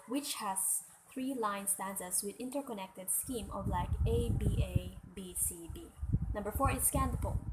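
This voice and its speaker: A woman giving a step-by-step lesson on analyzing poems, in a steady, instructive manner. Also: medium pitch, noisy background. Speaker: student presenter.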